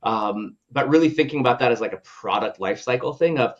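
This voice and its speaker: Male guest, mid-pitch, relaxed filler-heavy talk, slightly muffled lo-fi audio. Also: fast talker. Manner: loose, filler-heavy, ends points with "right?". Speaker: podcast guest, product leader. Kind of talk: casual conversational interview.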